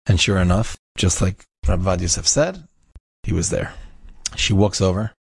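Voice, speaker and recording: Male storyteller, low gravelly voice, close dry mic, emphatic and repetitive. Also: lively intonation, normal speed, no echo. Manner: emphatic, repeats key phrases. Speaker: inspirational speaker. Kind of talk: inspirational storytelling talk.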